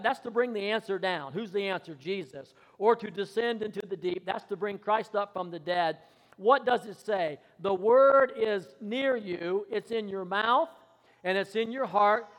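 A man preaching a sermon as pastor, calling out questions for the congregation to answer and swinging between quiet asides and loud declarations. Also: sits high, big-room sound. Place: church sanctuary.

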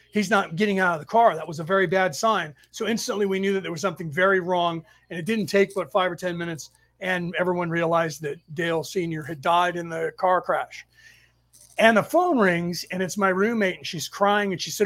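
A man hosting a spiritual study class on a live stream, telling stories in a rambling way with sudden loud outbursts, talking into a home computer mic. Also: high voice, normal speed. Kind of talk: casual live-stream storytelling. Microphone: home computer mic over weak Wi-Fi.

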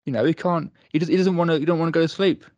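A man co-hosting a casual review chat, agreeable and quick with short affirmations. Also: on the high side, a little mellow, dry recording, dull audio. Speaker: podcast co-host.

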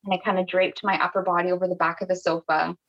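A woman's voice: fairly low pitch, little pitch movement, fast talker, fairly bright tone, lo-fi sound. A woman from Canada, a podcast guest telling a personal story in a casual, chatty way, with many restarts and quoted dialogue.

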